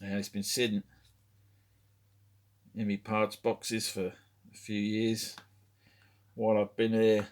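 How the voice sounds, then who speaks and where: A man's voice: lowish voice, completely flat delivery, slow pace, pauses often, darkish tone. A man chatting casually as a toy collector vlogger, rambling and swearing freely as he talks. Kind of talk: casual show-and-tell vlog.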